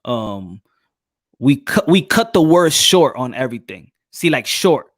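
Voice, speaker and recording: A man's voice: medium pitch, big pitch swings, unhurried, no echo, clean studio sound. A man with a New York accent hosting a casual chat, loose and slangy, laughing often. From New York City. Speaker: podcast host.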